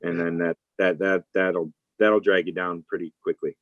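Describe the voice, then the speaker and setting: A man's voice: low-pitched, level tone, normal speed, no room sound, lo-fi sound. A man, an actor, talking casually as an interview guest, rambling with many fillers and restarts.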